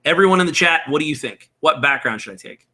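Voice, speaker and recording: A man with a slightly high, lively voice talks quickly and sharply as he works through character creation on a live stream. He rambles casually, thinking out loud and replying to viewer chat. He's a streamer building a game character in a room at home with window blinds.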